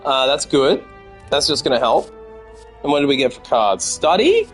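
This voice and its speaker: A man's voice: mid-range voice, sing-song, normal speed, faint music behind. An Australian man streaming a card game, chatting with viewers and swearing freely as he plays. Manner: chatty and profane, talking to chat. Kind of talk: casual gameplay commentary.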